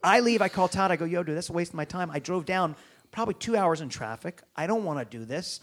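A man, a comedian guest on a podcast, telling an animated story, acting out phone calls and swearing freely. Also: high voice, fast talker.

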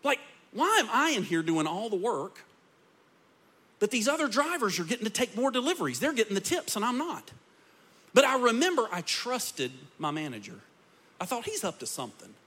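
A man's voice: very high voice, big pitch swings, moderate pace, pushed and bright, breathy edge. A man preaching a sermon as a pastor, telling a personal story and building to passionate peaks. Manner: preaching with rising intensity.

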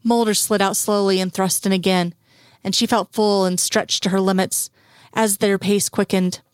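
A woman reads a story aloud in a steady, unhurried voice of middling pitch. She sits close to the mic in a dry space with no room sound. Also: dry recording. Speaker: reader. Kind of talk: reading fiction aloud.

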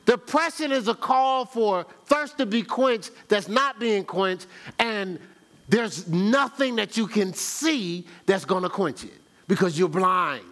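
A male pastor preaches with animated energy, his voice sitting a little high. He tosses out rhetorical questions for the crowd to answer and slows down to read scripture. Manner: reads scripture aloud in a slow cadence. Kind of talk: sermon.

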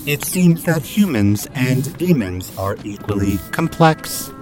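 A man's voice: mid-range voice, expressive, takes it slowly, a little mellow, faint music behind, rough recording. A man voicing an earnest, literal-minded male robot in an audio drama, speaking in a formal and blunt way.

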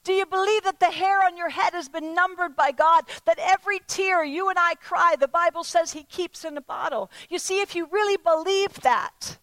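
A woman's voice: very high voice, normal speed, hardly any pauses, fairly bright tone, dry recording, low-quality recording. A woman preaching a sermon to a congregation, asking earnest repeated questions and often restarting her words. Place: church service before a congregation.

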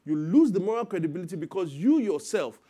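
Animated high-voiced male preacher. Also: fast. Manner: animated preaching, acting out parents and children in quotes. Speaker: pastor. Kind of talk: sermon.

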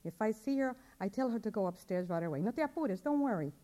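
A woman's voice: mid-range voice, animated, fast, warm tone, lightly acted. A woman voicing a kindly, reassuring shopkeeper's wife. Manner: reassuring, Spanish phrases, simple grammar.

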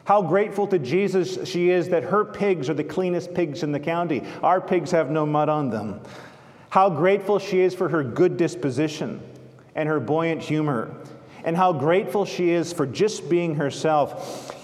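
A man's voice: a little high, moderate pace. A male pastor delivering a sermon, telling stories and quoting writers in an earnest manner. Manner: earnest storytelling, literary quotations. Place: church sanctuary. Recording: long church reverb.

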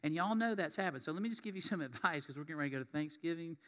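A man's voice: fairly high pitch, lively intonation, very fast, fairly bright tone, in a large hall. A man preaching a sermon, chatty and folksy, mixing scripture reading with stories. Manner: folksy, conversational, reads scripture aloud. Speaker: pastor. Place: church sanctuary.

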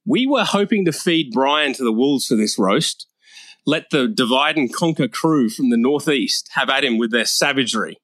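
A man's voice: medium pitch, a bit bright, no room sound. A man delivering a crude, brash comedy roast monologue, mocking and profane.

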